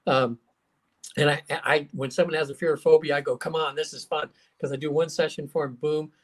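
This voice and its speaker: Man, slightly higher voice, chatty guest storyteller who acts out the people he quotes. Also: brisk. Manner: animated storyteller, acts out quotes, many fillers. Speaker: hypnotherapist guest. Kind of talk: casual storytelling interview.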